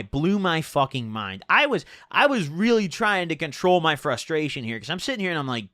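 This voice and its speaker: A young man telling a personal story on his channel, animated and exasperated, swearing freely. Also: high voice, brisk, hardly any pauses, dry recording, studio quality. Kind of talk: storytime vlog.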